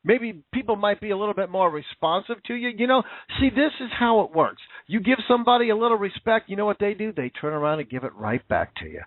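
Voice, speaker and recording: Casting: male commentator, high lively voice, angry ranting monologue. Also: quick pace, few pauses, no echo. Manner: heated, swearing, sarcastic. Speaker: political commentator. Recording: tinny phone-like sound.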